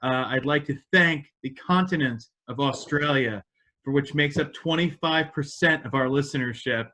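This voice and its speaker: A man hosting a podcast, telling stories in an excitable, swearing, casual banter style. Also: medium pitch, normal speed. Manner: excitable storyteller, swearing freely. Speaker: podcast host.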